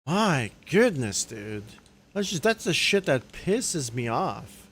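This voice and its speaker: A man's voice: big pitch swings, slow pace, fairly bright tone, slightly rough. Angry young man ranting on a livestream. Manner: angry, profane ranting, trailing off low on "dude". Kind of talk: live stream rant. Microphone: desk microphone.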